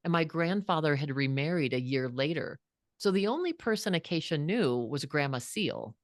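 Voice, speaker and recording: Speaking in a deep, animated voice at a moderate pace, a woman in her fifties tells a heartfelt personal story as a guest author. She is earnest and reflective and restarts often. The audio is studio quality, without room sound.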